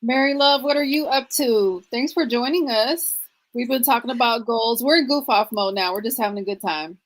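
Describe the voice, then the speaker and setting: A woman's voice: fairly high pitch, normal speed, low-quality recording. A woman, co-hosting a casual livestream, chatty and laughing often as she greets viewers by name. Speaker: livestream co-host.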